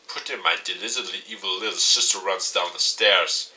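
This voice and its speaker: A man streaming a game, reading the visual novel aloud and adding animated asides. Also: sits low, a little fast. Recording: distant mic with faint music.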